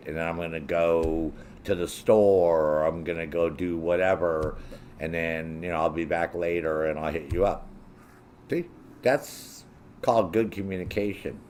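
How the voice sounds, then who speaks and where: A man's voice: low-pitched, darkish tone, a little hiss or hum. A man hosting his own show, delivering a blunt, profane rant and mimicking other people in a raised voice. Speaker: show host. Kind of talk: profane ranting monologue.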